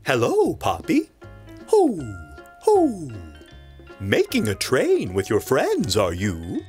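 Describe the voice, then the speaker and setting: A performer voicing a wise, friendly owl puppet who talks slowly and gently in a children's church puppet show. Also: mid-range voice, wildly swooping pitch, soft background music. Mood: gentle.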